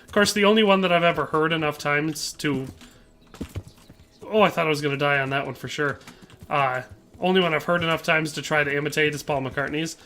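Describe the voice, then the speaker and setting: A man with a bright, forceful, slightly high voice chats his way through a game livestream. He reads out viewer comments and answers each one, slipping in playful jokes as he goes. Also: fairly quick, a little hiss or hum. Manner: playful, joking asides. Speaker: game streamer. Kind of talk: casual livestream commentary while playing.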